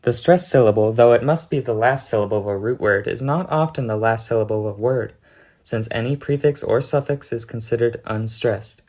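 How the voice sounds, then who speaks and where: A man's voice: medium pitch, fairly quick, darkish tone. A man narrating a scripted explanation of an invented language, with a dry, mock-serious delivery. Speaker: conlang video narrator.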